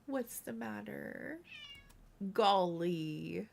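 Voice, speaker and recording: A woman's voice: mid-range voice, expressive, drawn-out words, creaky, darkish tone. A woman hosting a casual craft livestream, chatting with viewers and scolding her cat. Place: home room.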